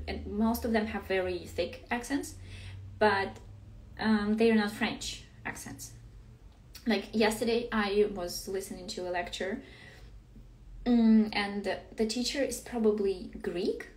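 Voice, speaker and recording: Chatty young woman, roomy distant sound. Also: medium pitch. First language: Russian. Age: young adult. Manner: hesitant, many fillers and restarts, laughs often. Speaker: master's student. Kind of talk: casual live-stream chat. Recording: roomy room, mic at a distance.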